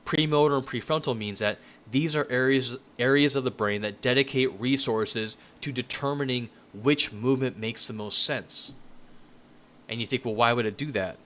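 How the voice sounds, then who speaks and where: A man's voice: medium pitch, moderate pace, a bit bright. A man in his thirties giving a casual, conversational lecture to a room, rambling and full of restarts.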